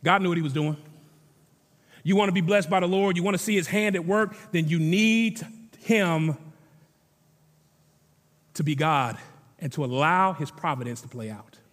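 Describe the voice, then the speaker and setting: A man with a notably high voice preaches to his congregation in a casual, talky way, leaning on repetition to drive his points home. His voice rings out with a long reverb tail, as if filling a big sanctuary. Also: fairly quick, fairly bright tone. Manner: conversational preaching with emphatic repetition. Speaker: pastor. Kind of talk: sermon.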